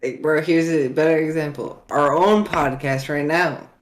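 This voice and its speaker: A man's voice: fairly high pitch, fairly even intonation, a little slow. Brief: male podcast co-host, chatty explainer, filler-heavy. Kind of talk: casual podcast chat.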